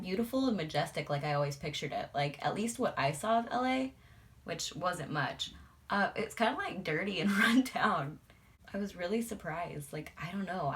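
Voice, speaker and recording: A woman's voice: deep voice, a little hiss or hum. A young adult woman, a beauty vlogger, chatting casually and swearing freely while doing her makeup.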